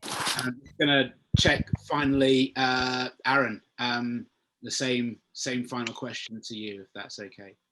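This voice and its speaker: A man hosting a webinar panel over a video call, passing questions around in a relaxed, conversational way. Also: medium pitch, a little slow, a little hiss or hum. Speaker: webinar host. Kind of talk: moderating a panel.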